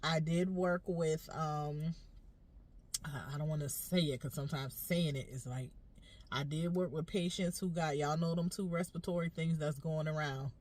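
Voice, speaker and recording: A woman's voice: low voice, fairly even intonation, normal speed. A congested woman nurse chatting casually and directly to her viewers, trailing off and restarting often. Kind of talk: casual vlog talk to viewers. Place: inside a car. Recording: distant mic, loud car noise.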